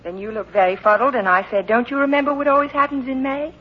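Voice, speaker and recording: A woman's voice: high-pitched, level tone, fast talker, lightly acted. An actress playing a playful wife in a radio comedy who teases and coaxes her husband. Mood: coaxing. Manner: playful, coaxing, light. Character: teasing young wife, playful and persistent. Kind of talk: 1940s radio comedy acting. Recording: dull old radio recording with faint hiss.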